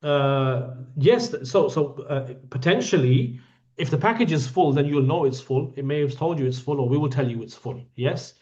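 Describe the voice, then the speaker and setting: A man's voice: a little high, lively intonation, moderate pace, dark tone. A man guiding a hajj group in an online Q&A session, talking bluntly with teasing jokes. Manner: blunt, joking, scolding. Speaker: hajj tour guide. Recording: dull lo-fi audio.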